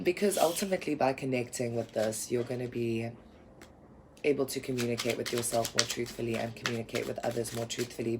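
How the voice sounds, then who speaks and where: A woman talks through a spiritual tarot reading in an earnest, meandering way, her words often trailing off into fillers. Her voice carries a gravelly vocal fry, and a faint hiss sits under it. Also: very deep voice. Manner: rambling, earnest, lots of fillers. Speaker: tarot reader.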